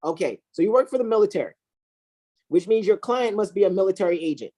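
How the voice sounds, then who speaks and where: A fast-talking woman with a warm tone and lively intonation co-hosts a heated, casual discussion. She preaches, swears and hammers her points home, her pitch swinging up and down.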